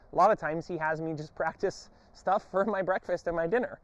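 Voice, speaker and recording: A man's voice: a little high, brisk, hardly any pauses, no room sound, highs cut off. American man, dog trainer, dry lapel mic. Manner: barks short loud commands to a dog between calm explanations. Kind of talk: training demonstration with commentary. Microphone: wired lapel mic.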